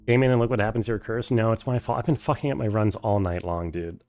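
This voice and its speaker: A man's voice: fairly low pitch, quick pace, darkish tone. A man streaming a game for the first time, thinking aloud, swearing freely and chatting with his viewers. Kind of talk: casual live-stream commentary.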